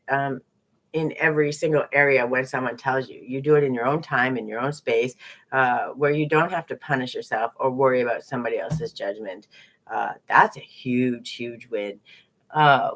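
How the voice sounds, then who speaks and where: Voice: medium pitch, fairly bright tone. Live-stream teacher, conversational and repetitive, asks lots of rhetorical questions. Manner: repetitive and conversational, often tags lines with "right?"; rhetorical questions in rapid strings. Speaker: spiritual teacher hosting a live lesson.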